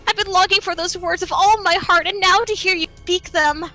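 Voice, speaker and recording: A woman's voice: extremely high pitch, fairly even intonation, fairly quick, pushed and bright, soft background music, voice pushed up. A woman playing a swooning treacherous heroine. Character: young woman swooning, then smugly betraying.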